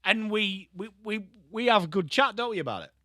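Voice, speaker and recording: An Englishman hosts a live football watchalong stream, calling the play and bluntly chatting with viewers by name in between. His high-pitched voice is expressive and sharp, moving a little fast. The sound is clean and studio-quality, with no echo.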